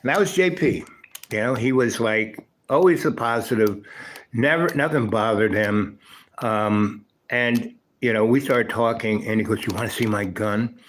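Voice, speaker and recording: A man's voice: mid-range voice, unhurried, slight background noise. A man hosting a livestream, telling a long rambling story from his school days, peppered with "you know" and "right?". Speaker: livestream host.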